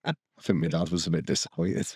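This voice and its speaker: Man, lowish voice, rambling storyteller, casual podcast chat, dry close sound. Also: steady tone, quick pace, darkish tone, husky, no room sound. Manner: rambling storyteller, lots of restarts, swears and laughs. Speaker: podcast co-host.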